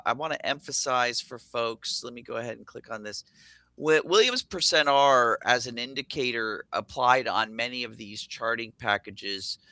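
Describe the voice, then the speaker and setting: A man breaks down a swing trade with real enthusiasm, his voice bright and forward. The sound is crisp and smooth, and the recording is dry and close. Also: mid-range voice, dry recording. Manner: energetic, enthusiastic, thinks aloud with fillers. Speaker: show host, options trader. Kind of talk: explaining trades on charts.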